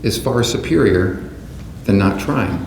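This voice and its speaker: Man giving a measured speech in an echoing hall. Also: fairly low pitch, lively intonation, a little mellow. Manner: measured, deliberate delivery from a script. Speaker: conference keynote speaker. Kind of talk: prepared speech to an audience. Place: large conference hall. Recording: roomy hall sound with faint background noise.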